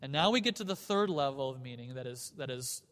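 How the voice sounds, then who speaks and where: A man's voice: mid-range voice, lively intonation, fairly quick, fairly bright tone, in a large hall. A man teaching a class on church music, earnest, often repeating himself and chanting rhythms aloud. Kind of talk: classroom lecture.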